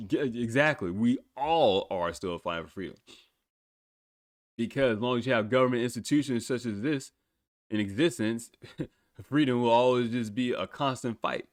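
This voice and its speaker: Recorded dry in a clean studio, a man with a medium-pitched voice at normal speed hosts a podcast. He's casual and blunt, cursing freely and breaking into frequent laughter.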